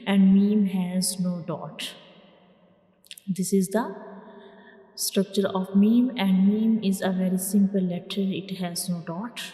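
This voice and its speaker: Slow, patient woman teaching letters. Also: mid-range voice, steady tone, soft background music. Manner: patient, repeats each letter sound loudly for learners. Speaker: Quran reading teacher. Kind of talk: slow step-by-step letter lesson. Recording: echoey room with long reverb.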